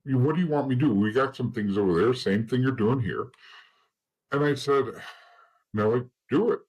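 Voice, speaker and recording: A man's voice: mid-range voice, moderate pace, a little mellow, breathy edge, rough recording. A man guest in an interview, telling stories in blunt casual talk with swearing and acting out the dialogue of the people in them.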